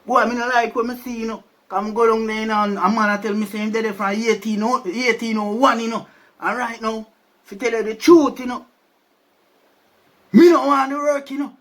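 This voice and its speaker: A man's voice: high-pitched, level tone, a little fast, fairly bright tone. A man with a Jamaican accent telling a spooky story in a chatty, casual way, often checking in with his listeners. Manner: chatty, keeps asking "you see me?".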